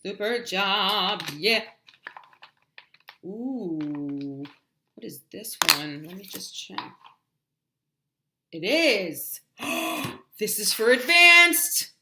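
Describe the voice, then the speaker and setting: With a noisy background and a roomy sound, a medium-pitched woman whose voice swings widely in pitch teaches English shapes on a livestream. She's chatty and sings, drawing words out slowly for children to repeat.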